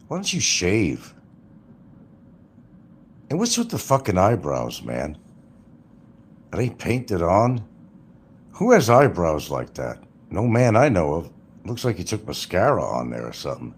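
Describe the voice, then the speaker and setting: Low-voiced older man mocking on a livestream. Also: breathy edge. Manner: mocking, rambling, crude. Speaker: livestream host. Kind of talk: casual livestream commentary.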